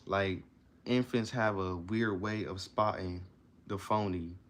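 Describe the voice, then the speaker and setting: A man with a deep voice reads passages from a self-help book slowly and with fairly even intonation, then explains them in loose slang asides. He often repeats and restarts himself, and there's slight background noise.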